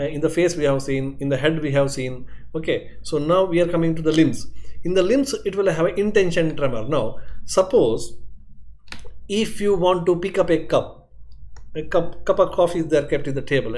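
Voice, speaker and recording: A man's voice: fairly high pitch, a little mellow. A man giving a medical lecture, explaining step by step and often checking in with "okay" and "isn't it". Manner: explanatory, repeats points, frequent "okay" and "isn't it". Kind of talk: classroom lecture.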